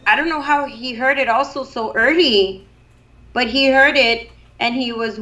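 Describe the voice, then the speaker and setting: A woman's voice: a little high, normal speed, pushed and bright, soft background music. A woman musician guest chatting casually on the radio, friendly and laughing often, mixing in Spanish.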